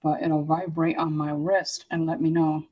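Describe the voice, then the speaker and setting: An easygoing woman chats and tells rambling stories on a live stream. Her voice sits a bit low. It comes through dull, lo-fi video call audio. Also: level tone, moderate pace, slightly rough. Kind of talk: casual chat.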